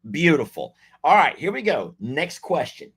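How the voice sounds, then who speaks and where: A man's voice: fairly high pitch, big pitch swings, moderate pace, a bit bright, breathy edge. A man hosting a live game night stream, chatting in a folksy way and reading viewer comments aloud. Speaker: livestream game host.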